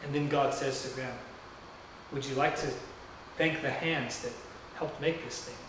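In a sermon recorded at a distance in a very echoey sanctuary with a noisy background, a male pastor speaks at normal speed. His medium-pitched voice keeps a steady tone as he rambles through a story in a loose, conversational way.

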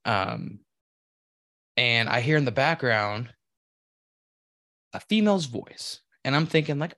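A man's voice: medium pitch, expressive, slow, long pauses, pushed and bright, no room sound, clean studio sound. A man co-hosting a podcast, rambling through a story in casual, profane and self-deprecating chat. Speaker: podcast co-host.

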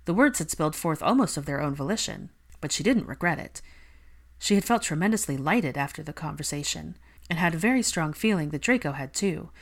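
A woman reading fan fiction aloud in a steady, calm narration. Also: sits low, a little fast. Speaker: reader.

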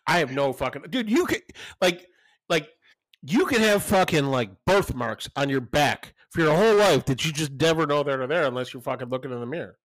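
A man's voice: fairly high pitch, a little fast, no echo. A middle-aged man co-hosting a podcast, telling stories in casual chat and swearing freely. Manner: animated storytelling, swears often. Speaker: podcast co-host.

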